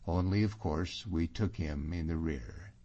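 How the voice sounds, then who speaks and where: Slow, low-voiced male audiobook narrator. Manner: even, measured storytelling. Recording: dull lo-fi audiobook recording.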